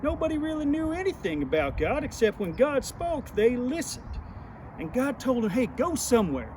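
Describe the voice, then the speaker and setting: High-pitched guy, rambly and playful, outdoor clip with cars going by. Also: big pitch swings, moderate pace, darkish tone. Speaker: children's Bible teacher in character. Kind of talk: folksy kids' devotional. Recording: outdoor clip with traffic noise.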